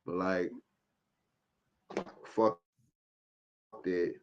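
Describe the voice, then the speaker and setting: A man's voice: deep voice, steady tone, extremely slow, smooth, lo-fi sound. A man ranting in a heated, profane commentary for his vlog, cursing often and stressing his points. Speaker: vlogger commentator.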